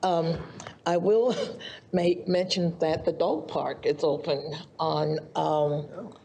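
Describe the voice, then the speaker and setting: A woman's voice: sits low, steady tone, slow pace, vocal fry, mellow, a little hiss or hum. A woman on a city council, giving her comments at a meeting in a chatty way with laughing asides, speaking into a desk microphone in a council chamber.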